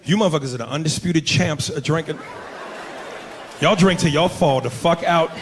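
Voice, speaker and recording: Male stand-up, a little high, loud and brash. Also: normal speed, background noise. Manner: loud, brash, profane, animated storytelling. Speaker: stand-up comedian. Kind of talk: stand-up comedy set.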